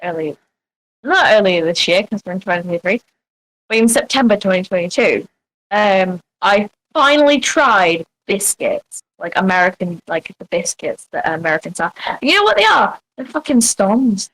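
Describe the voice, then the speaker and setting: A woman's voice: medium pitch, animated, moderate pace, a bit bright, rough recording. A woman, chatting and teasing emphatically as a podcast co-host. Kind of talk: casual chat.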